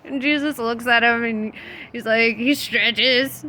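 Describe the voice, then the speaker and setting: A woman's voice: on the high side, fairly even intonation, slow pace, pushed and bright, a little hiss or hum. A young woman vlogging about faith in a casual, loose storytelling monologue, laughing often and swearing freely. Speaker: spiritual vlogger.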